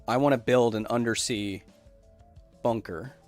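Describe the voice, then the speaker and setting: A man's voice: medium pitch, unhurried, faint music behind. A young man hosting a casual science livestream, answering viewer questions in a loose, rambling way that keeps breaking off and restarting. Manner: rambling, self-interrupting, loose explanations. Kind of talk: casual live chat, reading viewer messages.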